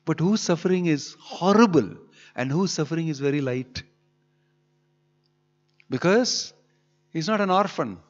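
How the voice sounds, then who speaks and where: A man's voice: fairly high pitch, expressive, a little slow, long pauses, soft background music. A man giving an emphatic scripture sermon in a temple hall, pressing his points with rhetorical questions. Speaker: preacher. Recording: dull lo-fi hall recording with long reverb.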